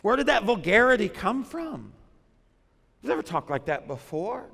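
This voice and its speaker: A man's voice: high-pitched, sing-song, normal speed, creaky, bright, forceful tone, husky, big-room sound. A man, a pastor, preaching a sermon in a conversational way, often putting questions to the congregation.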